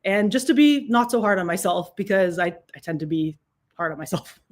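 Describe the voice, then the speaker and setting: A woman's voice: medium pitch, expressive, fairly quick. A woman guest answering interview questions, grateful and giggly, often restarting on her first words. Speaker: guest filmmaker.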